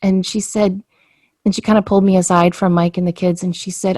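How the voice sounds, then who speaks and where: A woman's voice: on the low side, brisk, no echo, clean studio sound. A woman telling a personal story in a casual podcast conversation, acting out the dialogue as she goes. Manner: animated storyteller, acts out quoted dialogue.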